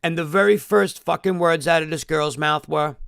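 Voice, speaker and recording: A man's voice: fairly high pitch, moderate pace, creaky, a bit bright, smooth, no room sound, studio quality. A man telling a long emotional story in a rambling live-stream monologue, swearing often.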